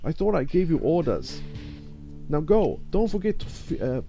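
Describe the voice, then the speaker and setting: A man's voice: medium pitch, expressive, brisk, warm tone, faint music behind, voice pushed up, natural voice. A man voicing a stern, commanding male agent leader in a video game, giving clipped orders in a clumsy put-on accent.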